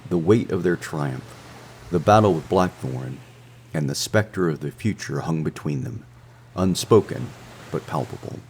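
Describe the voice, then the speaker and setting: A man narrating a scripted romance adventure story in a measured, dramatic way. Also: a bass voice, animated, a little mellow, slight background noise. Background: faint music.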